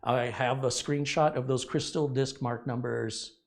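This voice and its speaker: A man's voice: mid-range voice, steady tone, unhurried, gravelly. A middle-aged man hosting a computer repair tutorial, talking earnestly and rambling as he corrects himself. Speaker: tech channel host. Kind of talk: casual tech tutorial.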